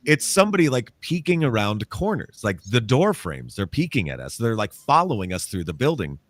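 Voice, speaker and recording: Lively man telling a ghost story. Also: mid-range voice, brisk, no room sound. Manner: animated, acts out quotes, laughs often. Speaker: guest, paranormal author. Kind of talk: casual storytelling interview.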